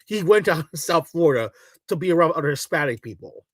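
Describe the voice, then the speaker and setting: A man's voice: on the high side, animated, brisk, no echo, clean studio sound. A man giving casual reaction commentary in a blunt, mocking, exasperated way.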